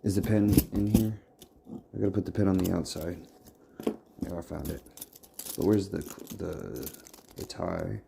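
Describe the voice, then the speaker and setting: A man's voice: deep voice, a little slow, gravelly, long pauses, noisy background. A man vlogging casually from his home workshop, rambling and muttering to himself as he sorts and labels things. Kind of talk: casual talk to camera.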